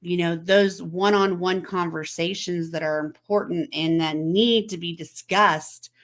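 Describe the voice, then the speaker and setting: A woman with a somewhat low voice talks in a casual chat to camera. She speaks conversationally, turns to the viewer with questions, and acts out text messages in little quoted voices. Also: steady tone, measured pace. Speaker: host.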